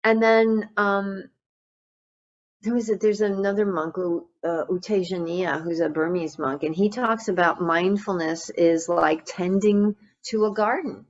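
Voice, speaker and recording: A woman meditation teacher giving a Buddhist dharma talk in a gentle, reflective way, with frequent fillers and restarts. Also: medium pitch, dull audio.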